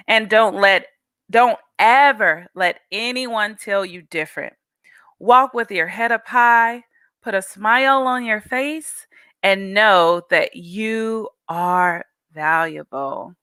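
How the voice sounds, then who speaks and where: A woman reading her children's book aloud slowly and expressively, coaching young listeners to repeat affirmations. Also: mid-range voice, bright, forceful tone, clear, resonant tone, dry recording. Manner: slow, emphatic storytelling, coaching children to repeat.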